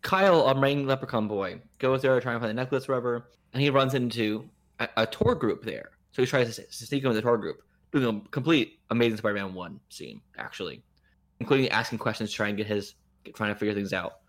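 On a casual podcast reviewing a movie, a male co-host retells the plot with animated disbelief, joking and laughing along the way. His voice is medium in pitch and fairly quick.

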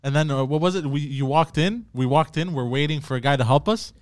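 A man co-hosting a podcast who excitedly interjects, laughs along and adds details to the story. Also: a little high, brisk. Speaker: podcast co-host. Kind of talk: casual chat.

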